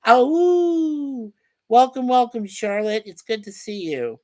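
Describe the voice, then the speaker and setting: A man's voice: sits high, very animated, normal speed, warm tone. A man, possibly middle-aged, hosting a casual livestream. He chats about his picks, reads viewer comments aloud, and greets people by name, often stumbling and repeating words. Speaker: livestream host.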